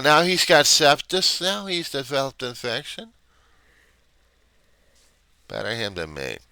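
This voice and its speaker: A man's voice: mid-range voice, creaky, bright, forceful tone, voice pushed up, full character voice. A man playing a snippy, bored insurance clerk. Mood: dismissive. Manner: sarcastic, dismissive, answers a caller on hold.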